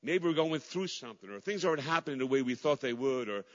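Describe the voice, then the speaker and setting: A man's voice: medium pitch, animated, fast. Impassioned middle-aged male pastor, reverberant hall. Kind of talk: sermon. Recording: dull recording in a large reverberant hall.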